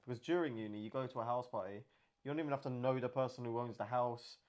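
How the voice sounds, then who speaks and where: A man's voice: mid-range voice, fast. A man co-hosting a casual chat podcast, joking through made-up scenarios. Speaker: podcast co-host.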